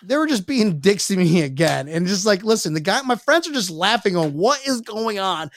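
A tipsy podcast host, high-voiced and very animated with a fairly bright tone, tells a rambling story at normal speed after drinking, swearing plenty and restarting often. The casual chat is recorded with no room sound.

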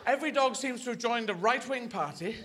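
Middle-aged British stand-up, playful and rambling, high voice, live stage mic with noise. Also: male voice, normal speed. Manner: rambling, playful, with self-corrections. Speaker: stand-up comedian. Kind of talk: stand-up comedy. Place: large theatre stage. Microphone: stage microphone.

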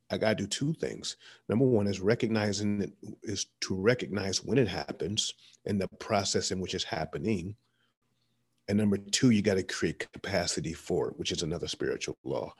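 A man's voice: deep voice, slightly rough. A man, a motivational speaker, talking as a guest in an interview, emphatic and repetitive, telling stories with energy. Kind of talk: conversational interview, preaching.

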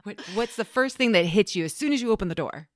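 A woman co-hosting a podcast, telling a funny family story in a casual, animated way with lots of laughter. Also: mid-range voice, quick pace, no echo, studio quality. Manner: animated, laughing, acts out quotes. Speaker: podcast co-host.

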